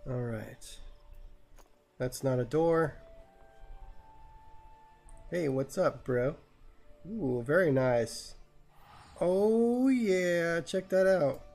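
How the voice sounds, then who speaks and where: A man's voice: mid-range voice, a little mellow. Crude joking male game streamer. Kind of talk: live gameplay commentary.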